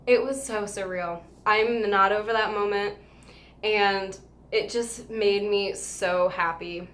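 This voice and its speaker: A woman vlogger telling a casual story, gushing and emotional, overwhelmed with happiness and rambling with a steady stream of fillers. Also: medium pitch, slow pace.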